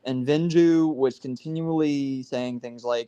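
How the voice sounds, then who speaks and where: A man's voice: mid-range voice, little pitch movement, measured pace, pushed and bright, highs cut off, a little hiss or hum. A man in his twenties talks on a casual live stream over a video call. He rambles earnestly, circling back and restarting his sentences as he explains himself. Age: 20s.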